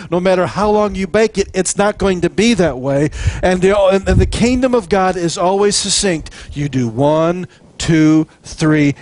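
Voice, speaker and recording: A man preaching a sermon, animated and chatty, acting out little scenes and chuckling between points. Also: high voice. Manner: animated, jokes and acts out quotes. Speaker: pastor.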